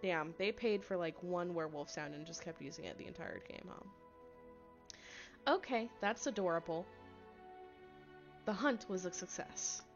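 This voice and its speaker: A woman's voice: fairly low pitch, measured pace, long pauses. A woman plays through a story game on stream, reading narration aloud and breaking off for wry, joking remarks and chat messages. Her audio is a bit dull and lo-fi, with faint music running underneath. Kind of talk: casual commentary with reading aloud.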